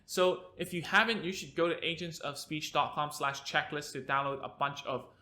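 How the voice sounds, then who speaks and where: A man with a bright, forceful voice, a touch higher than most, explains play skills to parents. His delivery is energetic and conversational, and he checks in often with quick tag questions. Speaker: speech therapist. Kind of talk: educational video talk to parents.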